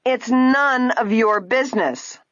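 A woman's voice: high-pitched, wildly swooping pitch, a little slow, husky, no echo, pitched above the performer's own voice, exaggerated voice. A woman voicing a spoiled, haughty young rich woman who speaks shrilly and scornfully, in a slightly muffled recording. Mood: haughty shrill.

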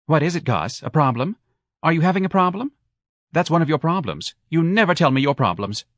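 A man putting on a nagging middle-aged woman who prods with question after question in a raised, pushy voice. Her pitch climbs higher than his own and swings widely, and the storybook reading is close and dry. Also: sing-song, fairly quick, fairly bright tone, dry recording. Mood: needling.

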